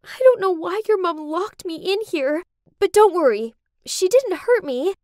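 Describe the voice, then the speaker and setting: A woman voicing Tracy, an earnest, principled young woman in an animated story. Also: very high voice, a little slow, no room sound, studio quality. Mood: reassuring.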